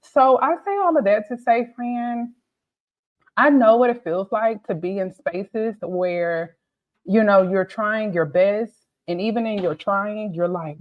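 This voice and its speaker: A woman's voice: mid-range voice, measured pace, dull audio. A woman tutor giving a motivational, conversational talk to her students, often checking in with "okay?" and "right?". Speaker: pharmacy tutor.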